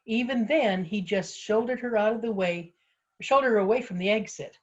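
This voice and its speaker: A woman author reading her own story aloud with expressive, lively storytelling. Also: medium pitch, moderate pace. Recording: slightly muffled lo-fi audio.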